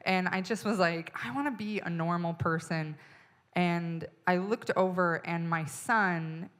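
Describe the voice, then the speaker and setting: Bright-voiced woman doing stand-up. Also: lowish voice, a little slow. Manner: profane, exasperated, bursts into loud yelling. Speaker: stand-up comedian. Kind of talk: stand-up storytelling.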